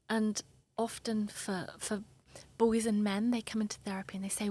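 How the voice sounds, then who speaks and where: A woman therapist speaking in an interview, explaining emotions in a soft, earnest way. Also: medium pitch, level tone, moderate pace, few pauses. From England. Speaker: therapist guest.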